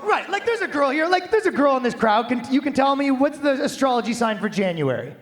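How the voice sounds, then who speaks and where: A man's voice: very high-pitched, big pitch swings, fairly quick. A man doing a stand-up comedy set on a live stage, brash, crude and conversational, into a handheld microphone.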